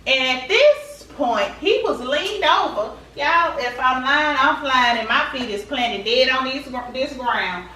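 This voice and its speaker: A woman vlogger telling a story straight to her viewers in a chatty, animated way. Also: sits high, a little slow, few pauses, recorded from a distance, a little hiss or hum. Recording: echoey room, away from the mic.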